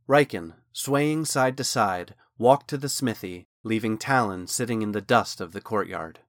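A man reading a fantasy novel aloud in steady, measured scripted narration. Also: on the low side, dry recording, studio quality. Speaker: audiobook narrator.

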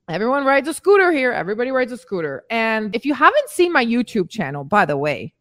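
A woman's voice: a little high, fairly bright tone. A woman fitness coach talking candidly and casually to her listeners in a motivational podcast, calling them ladies and swearing now and then. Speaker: weight-loss fitness coach.

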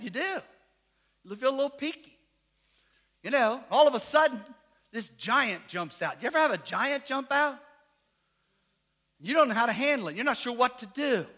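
High-voiced shouting male preacher. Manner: shouting, call-and-response, folksy slang. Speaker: pastor. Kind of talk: sermon.

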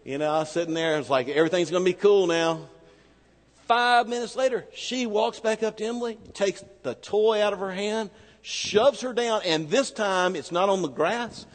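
A man preaching a sermon, telling a personal story in a conversational way and slowing down hard for emphasis. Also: high-pitched, long reverb tail. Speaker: pastor.

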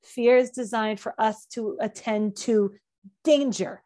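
A woman's voice: on the high side, takes it slowly, warm tone. A middle-aged woman anxiety coach speaking on a podcast, emphatic, and often repeating key phrases for effect. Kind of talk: podcast conversation.

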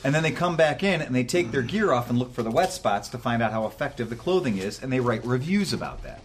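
A man hosting a casual podcast from a workshop studio, telling stories in a profane, animated way. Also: mid-range voice, quick pace, slight background noise. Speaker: podcast host.

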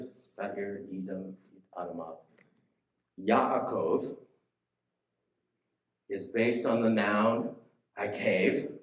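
Male preacher, lowish voice, chatty sermon delivery, roomy echo. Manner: conversational, asks the listeners questions.

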